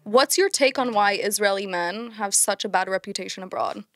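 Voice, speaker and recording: A woman hosting a podcast, asking questions with a teasing, lively manner. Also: medium pitch, moderate pace, no room sound, clean studio sound. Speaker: podcast host. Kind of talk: casual podcast interviewing.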